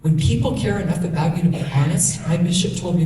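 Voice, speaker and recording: A woman's voice: lowish voice, quick pace, mellow. A woman in her thirties giving a candid personal testimony as a guest speaker, telling her story with quoted dialogue. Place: school hall. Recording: echoey room, distant mic, faint noise.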